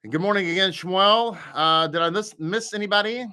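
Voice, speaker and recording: A man's voice: high voice, a little fast, hardly any pauses, bright, forceful tone, clean tone. A man leading a live Torah study, greeting viewers by name and chatting casually before he teaches.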